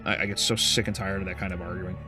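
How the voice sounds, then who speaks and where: A man's voice: deep voice, steady tone, quick pace, pushed and bright, faint music behind. A male game streamer in casual livestream chat, ranting heatedly with profanity and frequent stumbling restarts.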